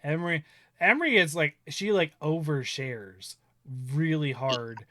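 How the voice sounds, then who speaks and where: A man's voice: a little high, animated, measured pace, pushed and bright, a little hiss or hum. A man in his thirties, chatting casually and telling rambling stories, often laughing and acting out quotes. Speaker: stream host. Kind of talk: casual chat.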